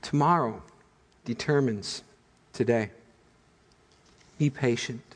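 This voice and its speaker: A man preaching a sermon as pastor, telling stories in an animated, humorous way. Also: mid-range voice, slow, long reverb tail. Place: church sanctuary.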